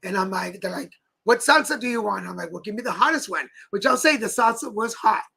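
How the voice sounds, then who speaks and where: A man's voice: sits high, lively intonation, fast talker, creaky, sharp tone, slightly rough, poor audio. A man co-hosting a talk show, telling stories in a playful, chatty way with frequent laughs. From Mexico. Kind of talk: casual chat. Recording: live stream with faint background noise.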